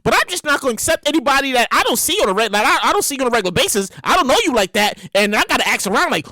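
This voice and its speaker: A woman in her late thirties with a Brooklyn accent hosting a solo comedy podcast, loud and animated, exclaiming and repeating herself. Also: high voice, rapid-fire, hardly any pauses, no echo. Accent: New York, Brooklyn. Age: late 30s. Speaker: podcast host. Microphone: studio microphone.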